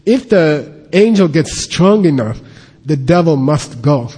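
A man's voice: on the high side, lively intonation, takes it slowly, warm tone, husky. A man teaching a Buddhist text, explaining terms patiently and checking in with his listeners often. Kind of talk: lecture on a scripture. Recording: long hall reverb.

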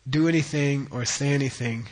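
A middle-aged man teaching Buddhist tradition, explaining terms slowly and often checking in with "okay?". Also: mid-range voice. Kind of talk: dharma teaching.

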